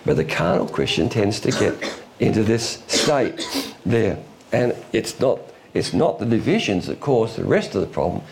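A man preaching a sermon in a folksy, illustrative way, with quick asides and chuckles. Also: on the low side, big pitch swings, vocal fry, slight background noise. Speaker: pastor.

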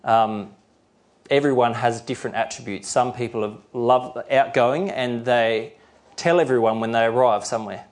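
Middle-aged man, preacher, sermon, slow careful scripture reading, mid-pitched voice. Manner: explanatory, with fillers and restarts.

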